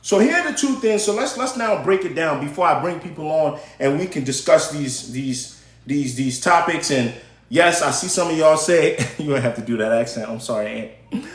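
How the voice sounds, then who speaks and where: A man's voice: on the high side, lively intonation, normal speed. A man hosting a live stream, chatting casually and directly to his viewers as he gives commentary. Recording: roomy echo.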